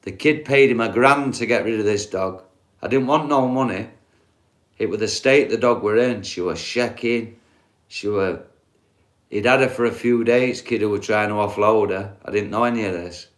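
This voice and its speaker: A man's voice: on the low side, moderate pace. A middle-aged man, talking bluntly and swearing as he rambles through a casual live stream chat. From England. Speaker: livestreamer.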